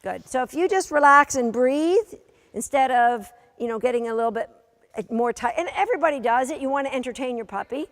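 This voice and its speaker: Brisk dog trainer woman, lively high voice. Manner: brisk, matter-of-fact commands mixed with teasing. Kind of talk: coaching a live training session. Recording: long reverb of a large hall.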